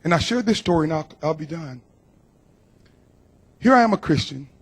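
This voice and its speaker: A middle-aged man from Georgia, with a husky voice on the high side, speaks at normal speed with lively intonation. As a guest speaker, he tells his personal testimony to a church congregation earnestly and emotionally, often repeating his words.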